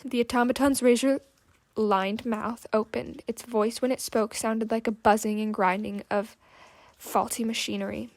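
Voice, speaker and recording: A woman narrating an audiobook with measured, steady storytelling. Her voice sits a little high and keeps a narrow, even pitch. She delivers the text in a smooth, scripted way.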